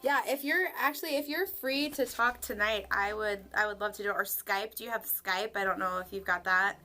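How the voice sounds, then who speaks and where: A young woman filmed for a documentary, excitable and breathless, talking quickly on the phone and then shrieking with joy. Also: mid-range voice, soft background music. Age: young adult. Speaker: documentary subject. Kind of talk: candid documentary footage.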